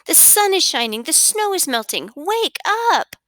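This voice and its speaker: A woman reading aloud as Frog, an excited, cheerful male frog from a storybook, calling out in a high voice. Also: measured pace, no room sound, clean studio sound, full character voice. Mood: excited shouting.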